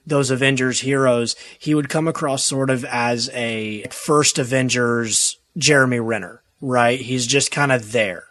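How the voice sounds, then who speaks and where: A man co-hosting a podcast, giving a measured, hedging critique in casual chat. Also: mid-range voice, a bit bright, no room sound. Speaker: podcast co-host.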